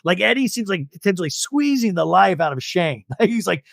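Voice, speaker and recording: With a high voice, vocal fry, and a moderate pace, a young man hosts a podcast recapping a TV episode in a casual, joking way. The recording is dry and studio quality, and he animatedly acts out quotes.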